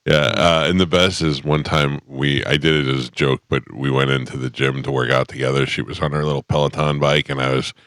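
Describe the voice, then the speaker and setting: Very deep-voiced male radio host. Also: a little fast, few pauses, no room sound, studio quality. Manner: storytelling, animated when excited. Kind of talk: casual studio banter. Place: radio studio.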